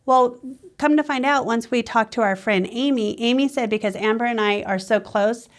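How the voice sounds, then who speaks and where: A woman's voice: a little high, normal speed. A middle-aged woman, a business owner, telling stories in a podcast interview and acting out the voices in them. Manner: animated, acts out the voices in her stories. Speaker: small-business owner guest.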